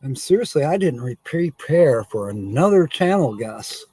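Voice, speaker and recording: A man's voice: mid-range voice, big pitch swings, moderate pace, dark tone, husky, no echo. A man hosting a casual live stream, rambling and chuckling often as he corrects himself.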